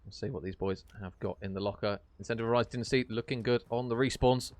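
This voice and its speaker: A man casting an esports match on stream, chatty and jokey, chatting warmly with his viewers. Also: medium pitch, steady tone, fast talker. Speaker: esports caster. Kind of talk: casual stream commentary reading chat.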